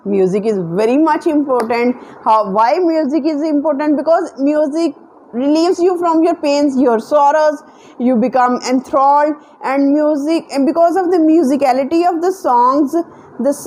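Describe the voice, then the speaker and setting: A woman's voice: sits high, a little hiss or hum. A woman giving a spoken lesson in an earnest, repetitive way, spelling words out letter by letter. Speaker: English teacher. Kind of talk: spoken English lesson to camera.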